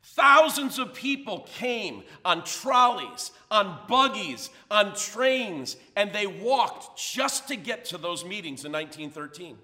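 A man's voice: sits high, big pitch swings, slow pace, sharp tone, in a large hall. A man preaching a sermon as pastor, emphatic and full of rhetorical questions.

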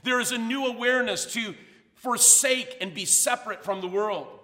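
A man's voice: very high voice, normal speed, pushed and bright, big-room sound. A man preaching a sermon as pastor, emphatic and full of rhetorical questions.

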